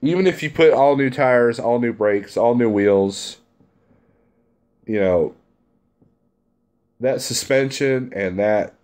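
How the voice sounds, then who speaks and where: A man's voice: on the low side, darkish tone. A man who drives a truck, chatting casually on a live stream and reading out viewer comments in a blunt, chummy way, laughing easily.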